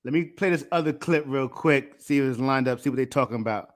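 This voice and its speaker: A man hosts a live stream in a relaxed, street-casual way, laughing along as he talks. His voice sits at a normal middle pitch and his delivery stays loose and friendly. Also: fast. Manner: laid-back, slangy, laughs easily. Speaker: stream host. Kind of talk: casual chat.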